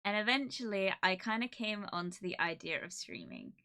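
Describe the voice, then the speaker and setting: A woman streamer from the UK chatting casually to her live audience, emotional and laughing, with many pauses and fillers. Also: medium pitch, bright, forceful tone. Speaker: streamer hosting an anniversary stream.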